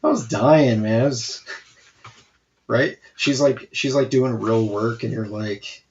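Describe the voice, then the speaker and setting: A man in his forties with a gravelly, creaky voice chats casually on his live art stream. He tells his stories animatedly and swears freely. The audio sounds a little dull and lo-fi. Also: medium pitch, takes it slowly, slight background noise. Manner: profane, animated storyteller. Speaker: comic artist and stream host.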